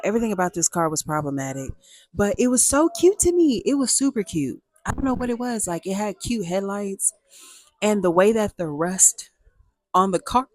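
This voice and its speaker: A woman hosting a casual storytime vlog, talking in a playful, animated way and acting out dialogue with big jumps in her voice. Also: medium pitch, no room sound. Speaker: storyteller host.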